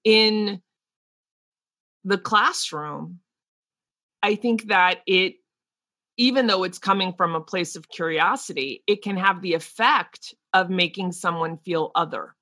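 Bright-voiced woman with a New Jersey accent. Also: fairly low pitch, slow pace, no echo. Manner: animated, thinks aloud with restarts. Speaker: teacher. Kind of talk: casual discussion.

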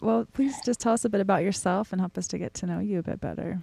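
A woman's voice: medium pitch, fast, creaky, dark tone, no echo. A woman hosting a podcast, reading a scripted introduction and then interviewing her guest attentively. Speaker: podcast host.

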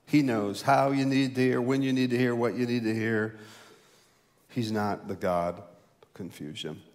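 Preaching pastor in a reverberant hall. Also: male voice, steady tone. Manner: swells loud and high for emphasis, then drops low and slow. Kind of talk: sermon.

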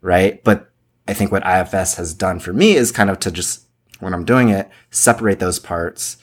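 A man's voice: low voice, normal speed. A man co-hosting a podcast, speaking casually and thoughtfully, searching for the right words. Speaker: podcast co-host.

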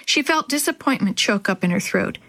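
Storyteller, female, measured and expressive, children's chapter book. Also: on the high side. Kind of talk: scripted children's story narration.

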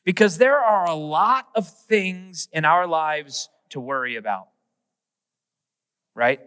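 A man's voice: a little high, animated, slow pace, pushed and bright, clean tone. A man preaching a sermon as a pastor, talking in a conversational, self-mocking way with playful asides. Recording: echoey hall with long reverb.

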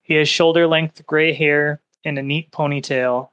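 A man narrating a tabletop game as game master, describing scenes in a casual, unhurried way. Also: fairly high pitch, steady tone, a bit bright, clear, resonant tone, highs cut off.

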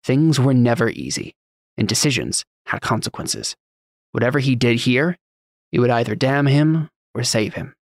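A man narrating a fantasy audiobook in a steady, even storytelling read. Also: medium pitch, normal speed, no echo, studio quality.

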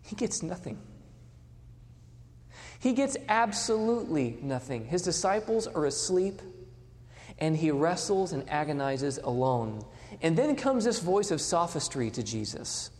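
Lively preacher in a reverberant hall. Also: male voice, on the high side, a little slow. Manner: dramatic, swings between loud and hushed. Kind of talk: sermon.

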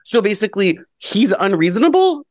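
A man talking as a podcast guest in a casual book discussion, animated, bluntly swearing and acting out quoted lines with big jumps in pitch. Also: fairly quick, no room sound.

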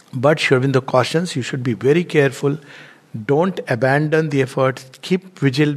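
A man giving a spiritual talk, telling anecdotes in a loose, storytelling way with fillers. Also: mid-range voice. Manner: anecdotal, warm storytelling with frequent fillers and laughs. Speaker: spiritual teacher.

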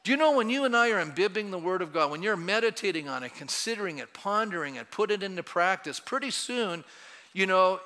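A man preaching a sermon as pastor. He is animated, puts questions to the congregation and acts out quotes in different voices. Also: sits high, brisk. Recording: long church-hall reverb.

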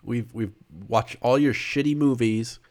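A man's voice: medium pitch, steady tone, unhurried, darkish tone. A man co-hosting a casual podcast chat, swearing freely and ranting about films. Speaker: podcast co-host.

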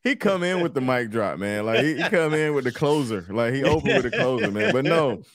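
A man's voice: medium pitch, very animated, a little fast, dry recording, studio quality. A man co-hosting a podcast, chatting in a laid-back, casual way and saying "man" a lot. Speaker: podcast co-host.

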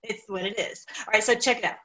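A woman's voice: medium pitch, steady tone, fast talker, sharp tone, poor audio. A woman hosting an online commentary show, chatting casually and laughing often as she talks.

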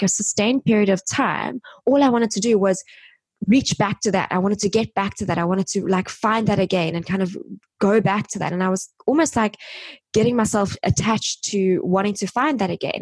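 A woman speaking as a podcast guest, reflective and searching, with thoughts that trail off and restart. Her voice sits at a mid pitch for a woman. It is recorded close and dry, with no room sound. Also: dry recording. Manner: soft and searching, trailing off with many fillers. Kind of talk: reflective personal storytelling.

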